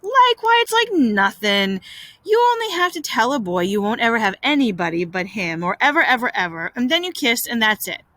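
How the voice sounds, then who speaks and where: A woman's voice: on the high side, sing-song, fairly quick, sharp tone. A woman voicing an eager, boastful young schoolboy who coaxes and brags, read aloud in a storybook reading.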